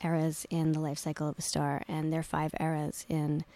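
A woman novelist with a Philadelphia accent, chatting in a radio studio interview with quick, self-deprecating asides. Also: deep voice, monotone, warm tone. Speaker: novelist guest.

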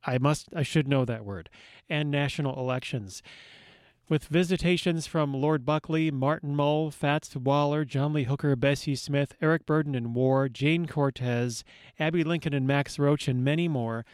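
Male radio DJ, studio mic, slightly high voice, wry dry asides, very dry sound. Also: moderate pace, no echo. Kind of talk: radio show talk.

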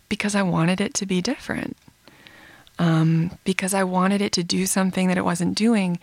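A woman's voice: on the low side, gravelly, dry recording. Reflective woman novelist in interview. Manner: reflective, with fillers and laughs. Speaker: novelist, guest. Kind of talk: casual interview chat.

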